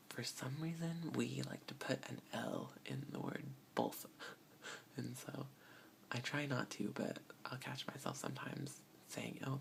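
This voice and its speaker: Gravelly whispering ASMR voice. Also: mid-range voice, a little hiss or hum. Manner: whispers, with soft breathy laughs. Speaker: ASMR creator. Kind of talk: soft-spoken ASMR.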